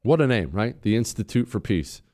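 Emphatic talk radio host. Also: male voice, lively intonation, moderate pace. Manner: emphatic, sarcastic, swings between loud mockery and low intensity.

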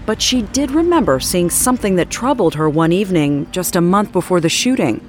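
A woman's voice: fairly low pitch, animated. Woman narrating true crime over music. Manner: measured and dramatic.

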